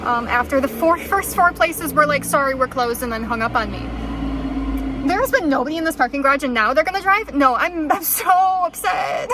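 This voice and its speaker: Woman vlogger, high voice, chatty and frazzled, phone mic in a parked car. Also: expressive, a little fast, background noise. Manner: chatty, frazzled, laughs often. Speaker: concert vlogger. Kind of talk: casual vlog talk to camera. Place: parked car in a parking garage.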